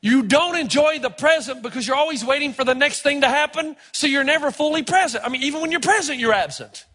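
Middle-aged guy preaching, high bright voice, kinda husky, big echoey church hall. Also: quick pace. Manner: animated storytelling, bursts of shouted emphasis. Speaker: pastor. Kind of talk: sermon. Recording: long reverb of a large hall.

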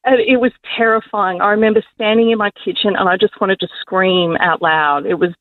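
A woman, sharing an emotional faith testimony and leading a prayer, quick to laugh and to quote herself. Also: medium pitch, fairly even intonation. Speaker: guest on Christian radio. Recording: dry phone-line sound.

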